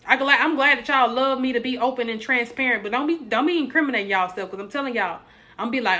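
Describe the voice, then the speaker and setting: A young woman chats on a live stream, her voice bright and forceful and sitting a little high. She jokes with her viewers and slips into preachy encouragement. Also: fast talker. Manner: animated, preachy, joking with viewers. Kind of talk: casual live stream chat.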